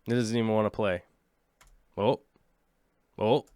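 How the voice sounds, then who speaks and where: A man's voice: lowish voice, steady tone, unhurried, a little mellow, no room sound, studio quality. A man in his late thirties hosting a casual aquarium livestream, rambling and joking with his viewers. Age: late 30s. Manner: rambling, jokey, chats with viewers.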